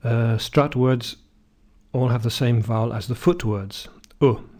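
A man's voice: mid-range voice, fairly even intonation, warm tone. A man teaching pronunciation, reading word lists. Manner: slow, deliberate, carefully enunciated words. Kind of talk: slow instructional audio for learners.

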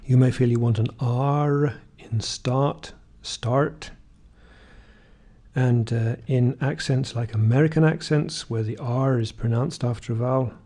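A man teaching English pronunciation, reading word lists slowly and clearly and asking the listener to repeat. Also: medium pitch, mellow. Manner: reads word lists slowly, often drawing words out, with "uh" fillers between them. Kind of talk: slow, deliberate pronunciation drill.

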